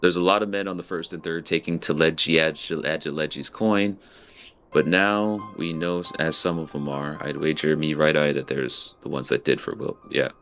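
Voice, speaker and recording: A man voicing a gruff female sea captain in a rough pirate-style brogue, reading game dialogue aloud. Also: rumbling low, fairly even intonation, normal speed, a bit bright, faint music behind. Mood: grim.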